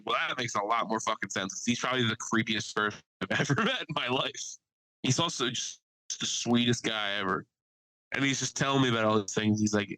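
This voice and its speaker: A man's voice: medium pitch, sharp tone, no room sound, low-quality recording. A man on a casual podcast, animatedly telling an anecdote, swearing freely and quoting people he met. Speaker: podcast co-host. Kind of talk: casual storytelling chat.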